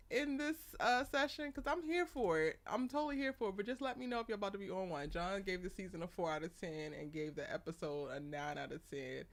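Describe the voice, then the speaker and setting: A woman's voice: medium pitch, lively intonation, normal speed. A young woman hosting a casual live stream, chatty and laughing often as she greets viewers by name. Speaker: live show host.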